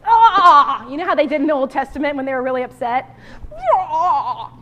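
A woman pastor delivers a lively sermon in a very high voice. She preaches with animated asides and calls out to the congregation. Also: racing, lo-fi sound.

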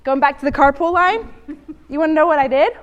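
A woman giving conversational Bible teaching, animated and expressive, speaking straight to her listeners. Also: high voice, a little fast, highs cut off.

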